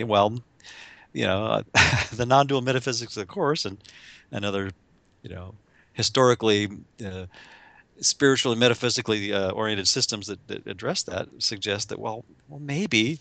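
A man discussing spiritual ideas in a casual, halting way, full of restarts and fillers, sometimes laughing and acting out little voices. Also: lowish voice, gravelly, bright, forceful tone, no room sound. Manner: laughs often, acts out voices in quotes. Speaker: spiritual teacher.

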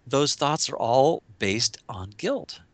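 A man discussing spiritual ideas in a casual, halting way, full of restarts and fillers, sometimes laughing and acting out little voices. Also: medium pitch, lively intonation, no room sound. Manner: laughs often, acts out voices in quotes. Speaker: spiritual teacher.

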